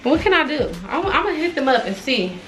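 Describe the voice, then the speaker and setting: A young woman chatting casually, expressive and exclaiming, talking straight to viewers. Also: high voice, fairly quick, faint music behind, rough recording. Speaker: fashion vlogger. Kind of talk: casual try-on haul chat.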